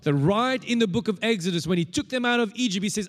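A man's voice: high voice, lively intonation, fast talker, big-room sound. A man preaching a sermon as pastor, emphatic and repetitive, leading the congregation to repeat key phrases after him.

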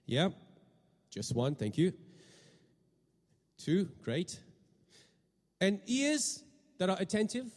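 High-voiced preacher man in a reverberant hall. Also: big pitch swings, slow pace, pauses often, darkish tone. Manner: questioning the congregation, repeating words. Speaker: pastor. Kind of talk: sermon.

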